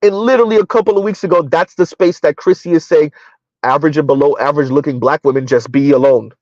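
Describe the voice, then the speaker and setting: Man, middle-aged, stream host, rambling, lots of fillers, slightly high voice, lo-fi dry audio. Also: fast, a little mellow, no echo. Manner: rambling, with many fillers and laughs. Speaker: commentary channel host. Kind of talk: casual live-stream commentary. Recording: dull, lo-fi dry recording.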